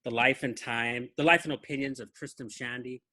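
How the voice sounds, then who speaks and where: A man hosting a podcast, chatting in a relaxed, thoughtful way about books he shows to a co-host. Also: medium pitch, normal speed. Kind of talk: casual book chat.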